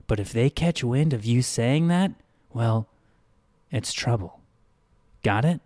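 A man voicing a nervous male prisoner who gives blunt, hushed warnings about the town's rules. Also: mid-range voice, animated, takes it slowly, no echo. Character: jittery male long-time prisoner, fearful and blunt.

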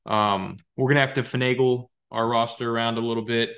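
A young man hosting a podcast, talking casually about his fantasy football league in a rambling, excitable and profane way. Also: mid-range voice, a little fast. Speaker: podcast host.

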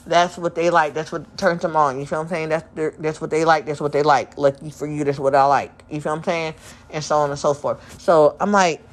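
Rambling, slangy woman with a lowish voice. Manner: rambling, slangy, full of fillers and asides; breaks into quick mocking voices of others. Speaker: podcast host. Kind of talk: candid solo podcast monologue.

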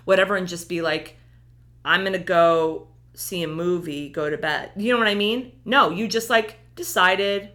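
A woman telling a personal story in casual chat, animated, acting out the lines of the people in it. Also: lowish voice, moderate pace.

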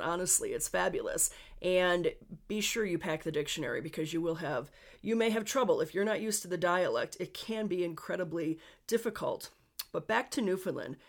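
Chatty Western New York woman podcaster. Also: on the low side. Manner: chatty and personal, with asides to listeners. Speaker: podcast host. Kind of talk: solo podcast monologue.

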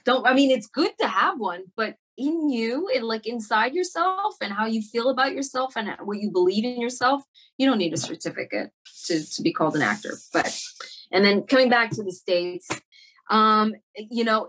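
A woman's voice: a little high, expressive, moderate pace, fairly bright tone, slightly rough. A woman actor being interviewed, talking casually and reflectively, with many fillers and restarts. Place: Montreal.

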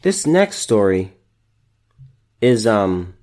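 A man's voice: on the low side, sing-song, drawn-out words, darkish tone. A man hosting a solo opinion podcast, ranting in exasperation and restarting his sentences. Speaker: podcast host.

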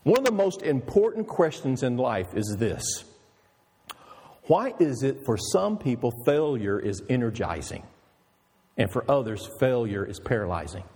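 A man's voice: medium pitch, sing-song, a little slow, darkish tone, breathy edge, long reverb tail. A male pastor preaching an emphatic, storytelling sermon with rhetorical questions.

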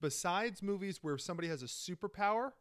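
A man's voice: high voice, lively intonation, fast, fairly bright tone. A man co-hosting a podcast in loose, enthusiastic casual chat, with some swearing. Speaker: podcast co-host.

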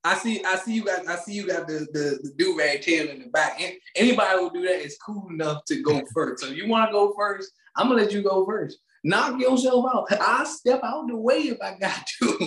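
Loud, animated man with a high voice. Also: fairly quick, few pauses, roomy sound. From Maryland, USA. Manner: loud, animated, swearing, laughing often. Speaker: podcast co-host. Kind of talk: casual comedic rant.

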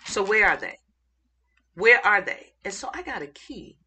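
A woman giving an informal Bible teaching, excited and halting as she searches for verses mid-thought. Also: mid-range voice, a little hiss or hum.

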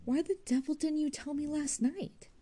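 A woman's voice: medium pitch, very animated, normal speed, dark tone, voice pushed up. A woman reading aloud voices a weary, bitter young man who speaks in a tense, clipped way.

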